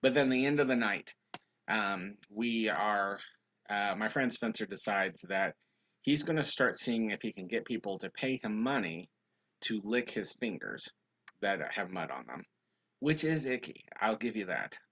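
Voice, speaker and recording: A young man, a youth minister, telling a funny story in a casual livestream chat and reading viewer comments. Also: measured pace. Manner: animated storyteller, high-pitched quoted voices. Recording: dull lo-fi livestream audio.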